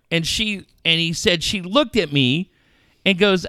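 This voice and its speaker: A middle-aged man telling a story in casual chat, animated and crude. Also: on the high side, measured pace, no room sound, studio quality.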